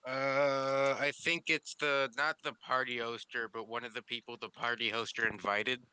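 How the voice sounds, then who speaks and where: Man player, very bright smooth voice, laid-back, self-deprecating. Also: medium pitch, level tone, moderate pace, no echo, low-quality recording. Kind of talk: playing a tabletop game over voice chat.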